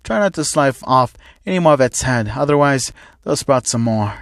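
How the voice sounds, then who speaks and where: A man's voice: mid-range voice, animated, normal speed, no room sound, studio quality, natural voice. A man voicing a flippant male talking sword. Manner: flippant, casual.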